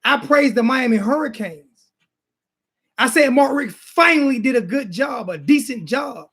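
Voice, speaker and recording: A man with a high voice rants fired-up about football, repeating himself and calling people names. He speaks in a casual, heated sports-talk style. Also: expressive, a little slow, fairly bright tone, husky. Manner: repetitive, insulting, fired-up ranting. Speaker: sports talk show host.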